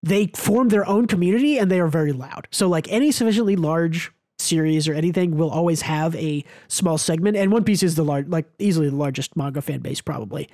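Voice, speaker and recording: Podcast co-host, American man, high voice, dry close sound, animated and casual. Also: dry recording. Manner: animated, swears casually, fast asides. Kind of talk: casual chat.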